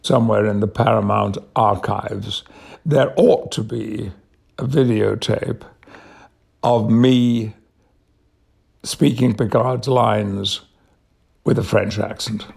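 Gravelly older Englishman, measured and reflective. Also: fairly low pitch, fairly even intonation, darkish tone. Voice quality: gravelly and husky. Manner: measured, thoughtful, reflective storytelling. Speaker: actor guest. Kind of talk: radio interview conversation.

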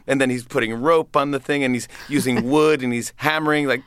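A man's voice: medium pitch, fairly quick, few pauses, a bit bright, clean tone, no echo, clean studio sound. A man in his thirties, a comedian, chatting in an interview, laughing often and acting out voices in his stories. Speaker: comedian and guest. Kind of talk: interview conversation.

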